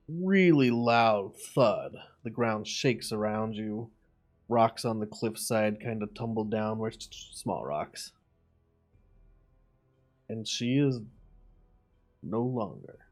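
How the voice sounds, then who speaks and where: Guy dm narrating the fight real unhurried, little bit of music behind. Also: lowish voice. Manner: vivid, unhurried combat narration. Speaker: game master. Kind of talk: narrating a tabletop game.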